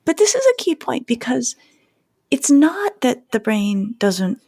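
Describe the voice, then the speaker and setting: Middle-aged woman psychologist chatting on a podcast, gravelly husky voice, dry close mic. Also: sits high, unhurried, no room sound. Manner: animated, leans on metaphors, drops to a near whisper. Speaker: psychologist co-host of a parenting podcast. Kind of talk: casual advice chat.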